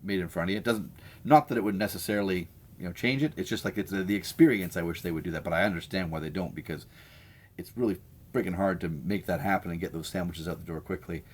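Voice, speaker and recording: Low-voiced chatty man. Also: fast talker. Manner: chatty, opinionated and enthusiastic about food. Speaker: host of a live sandwich stream. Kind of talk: casual live-stream chat answering viewer comments.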